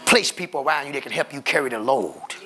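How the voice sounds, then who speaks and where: A man's voice: medium pitch, animated, fast, pushed and bright. A man preaching a sermon as pastor, emphatic and calling out to his congregation, with features.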